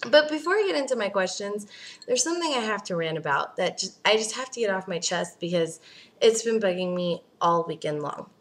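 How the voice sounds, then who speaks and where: A young woman ranting in a casual vlog, animated and exasperated, swearing freely. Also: medium pitch, fairly quick. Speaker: vlogger.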